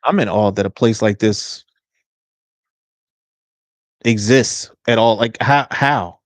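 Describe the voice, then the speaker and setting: A man hosting a livestream, reacting to a TV episode with animated, joking, slangy banter. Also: lowish voice, takes it slowly, no echo. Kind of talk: casual reaction chat.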